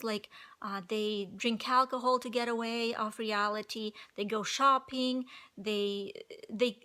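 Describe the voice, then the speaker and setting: A woman's voice: on the high side, fairly bright tone. Nasal-voiced woman vlogging about positivity. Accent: non-native English accent. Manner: rambling, many fillers and restarts. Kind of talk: casual motivational talk to camera.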